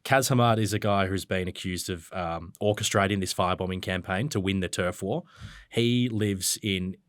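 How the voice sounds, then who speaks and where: Deep-voiced Australian journalist. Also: male voice, normal speed, dry recording, clean studio sound. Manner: fluent, detailed, occasional ums and restarts. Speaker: journalist guest. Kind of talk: conversational news discussion.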